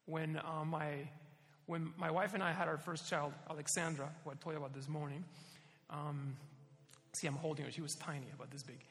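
A man preaching a sermon, telling personal stories in an animated way and laughing often. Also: fairly high pitch, brisk, in a large hall.

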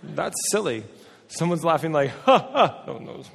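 A man's voice: on the high side, expressive, moderate pace, gravelly, background noise. A man preaching a sermon as a pastor, talking in a conversational, joking way and acting out the voices he quotes. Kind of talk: humorous sermon. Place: church hall. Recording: long reverb from a hall.

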